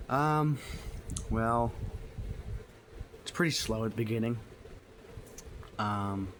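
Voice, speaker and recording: A man's voice: medium pitch, fairly even intonation, slow pace, long pauses, a bit bright. A man giving a casual book review, retelling the plot in a rambling way with many fillers. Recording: noisy home recording.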